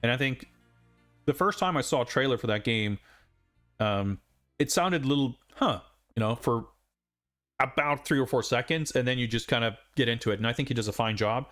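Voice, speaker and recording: A man's voice: mid-range voice, fairly quick, long pauses, fairly bright tone, faint music behind. A man casually chatting while streaming a video game live, rambling with lots of fillers and asides.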